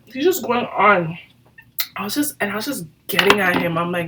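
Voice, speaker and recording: A woman's voice: mid-range voice, brisk, a bit bright, far from the mic, low-quality recording. A woman vlogger in a casual storytime chat, animatedly acting out both sides of the conversations she retells. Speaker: beauty vlogger telling a story.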